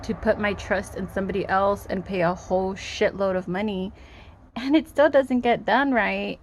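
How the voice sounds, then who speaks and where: A woman vlogs from her yard about work on her rural home, talking frankly and swearing freely as frustration builds in this casual monologue. Her mid-range voice stays steady in tone at a moderate pace, with faint wind and outdoor noise around her.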